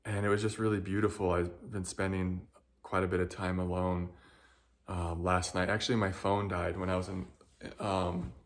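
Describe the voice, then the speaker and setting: Earnest man with a lowish voice. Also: level tone, normal speed. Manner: earnest, emotional, searching for words. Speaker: spiritual guide. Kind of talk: heartfelt personal reflection.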